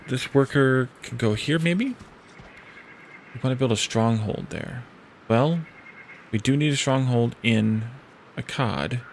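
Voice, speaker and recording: A man's voice: mid-range voice, gravelly, a little hiss or hum. A man streaming a strategy game, casually thinking aloud, hesitating and reading event text from the screen. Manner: hesitant, with pauses and restarts. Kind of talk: casual let's-play commentary.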